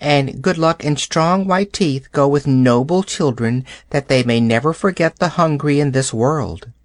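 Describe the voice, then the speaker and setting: A man voicing a sly, fawning male jackal who wheedles and flatters spitefully, in a storybook reading. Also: on the high side, a little slow, dry recording, studio quality, close to an everyday voice. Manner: wheedling, sing-song, mischievous.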